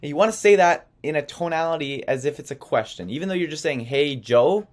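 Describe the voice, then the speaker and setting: An agency founder teaches an online sales lesson, telling stories animatedly and checking in often with "okay?" and "right?". His voice is a little high and his pace quick.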